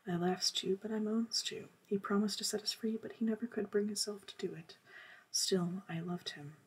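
A woman's voice: mid-range voice, fairly even intonation, moderate pace, husky, low-quality recording. Figure: an old grieving former slave, read by a woman. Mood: sorrowful. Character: elderly woman, former slave, sorrowful and torn.

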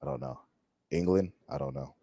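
This man hosts a reaction video, addressing his audience directly and repeating words while he hunts for the right ones. He has a mid-range, creaky, mellow voice and speaks fairly quickly, with no echo.

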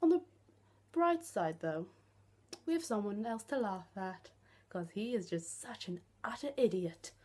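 A woman's voice: medium pitch, lively intonation, measured pace, darkish tone, slightly rough. A young woman, ranting bluntly and sarcastically in a vlog, swearing freely. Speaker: vlogger.

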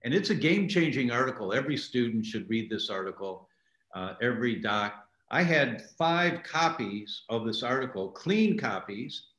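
An older man, a doctor and author, telling stories in a relaxed interview and acting out the lines he quotes. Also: medium pitch, normal speed. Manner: animated storyteller, acts out quoted lines. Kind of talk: conversational interview storytelling. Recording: echoey room.

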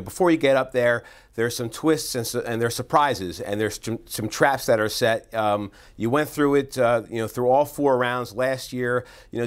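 A man hosting a promotional studio interview, upbeat and friendly, asking a guest questions. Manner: upbeat, pitch climbs high on the closing phone-number plug. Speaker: interview host.

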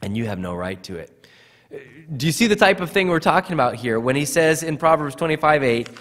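A man's voice: a little high, animated, a little fast, fairly bright tone. A man preaching a sermon as pastor, earnest, often repeating words as he starts a phrase. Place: church sanctuary. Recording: church hall reverb.

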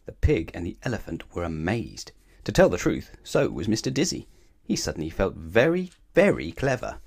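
A man reading a children's storybook aloud in an expressive, sing-song way. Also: deep voice, normal speed, vocal fry.

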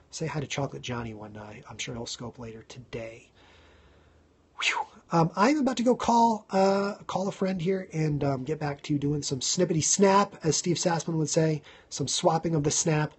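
Chatty husky man hosting a live stream. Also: medium pitch. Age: 30s. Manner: chatty, thanks viewers by name, lots of ums. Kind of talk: casual live-stream chat.

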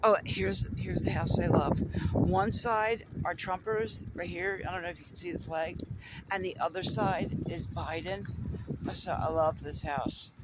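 High-voiced giggly man out for a ride. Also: steady tone, unhurried. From Florida, USA. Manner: chatty and giggly, talks to his dog. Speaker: artist vlogger. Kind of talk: casual chat while riding around. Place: outdoors on neighborhood streets. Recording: loud outdoor noise and traffic. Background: outdoor ambience, vehicles, birds.

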